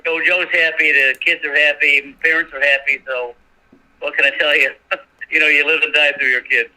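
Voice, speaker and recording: Older male guest, very bright tone, slightly high pitch; folksy and halting. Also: little pitch movement, poor audio. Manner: chatty, folksy, halting with fillers. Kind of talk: casual chat.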